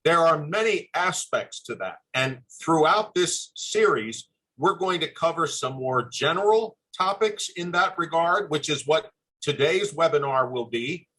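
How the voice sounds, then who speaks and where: An older man giving a formal webinar presentation over a video call, speaking in an earnest, measured and courteous way. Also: a little high, expressive, fairly bright tone, husky, low-quality recording. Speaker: webinar presenter, former admissions dean.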